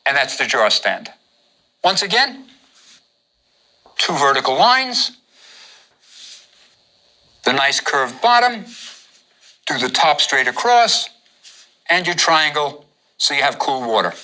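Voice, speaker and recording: A man's voice: medium pitch, sing-song, unhurried, pushed and bright, low-quality recording. A man teaching how to draw hieroglyphs, giving patient step-by-step instructions and repeating each step. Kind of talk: step-by-step drawing lesson.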